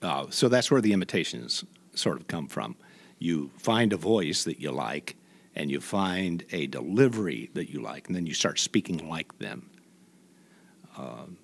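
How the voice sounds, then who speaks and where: A man from Indiana, a guest in an interview, telling stories in a halting way with many restarts. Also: deep voice, creaky. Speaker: guest, voice imitator. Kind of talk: reflective conversational storytelling.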